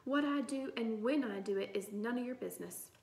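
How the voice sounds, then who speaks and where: A woman's voice: fairly high pitch, a little fast, a little mellow, a little hiss or hum, lightly acted. Field: storybook reading. Figure: a woman doing a scornful sixth-grade girl. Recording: roomy echo. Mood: snappish. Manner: scornful, exasperated.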